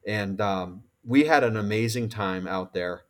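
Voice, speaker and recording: A man in his forties from Connecticut, a podcast guest telling a story in a casual, animated and profane way. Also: fairly low pitch, measured pace. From Connecticut, USA. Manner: animated, profane, acts out quoted dialogue. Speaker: podcast guest, former pro baseball player.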